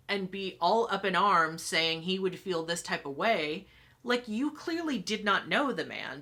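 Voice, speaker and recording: Young female vlogger, bright edgy voice, candid and profane in a casual storytelling style. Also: lowish voice. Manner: candid, swears freely, animated retelling. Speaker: channel host.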